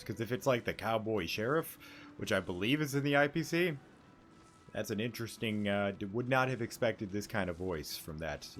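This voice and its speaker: Joking male streamer, low voice. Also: a bit bright. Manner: joking, thinking aloud. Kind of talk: gameplay commentary.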